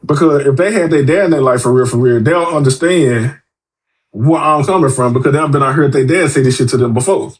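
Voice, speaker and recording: A man's voice: mid-range voice, brisk. A man, a podcast guest, talking bluntly and profanely in casual chat and acting out the voices of people in his stories. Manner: blunt, profane, animated storytelling; acts out quoted voices.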